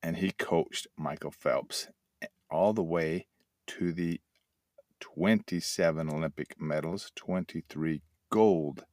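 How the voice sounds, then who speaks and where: A man's voice: extremely low pitch, slow pace, darkish tone, dry recording, studio quality. An older man hosting a motivational talk, telling folksy stories and acting out little sound effects. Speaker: host and addiction mentor trainer.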